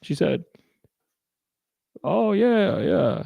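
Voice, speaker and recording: A man doing a comic impression of a simple-minded Southern man with presidential airs, slow and drawling. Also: sits high, expressive, vocal fry, dark tone, no echo, voice pushed up, full character voice. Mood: boastful. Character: dim-witted Southern man mashed up with a president.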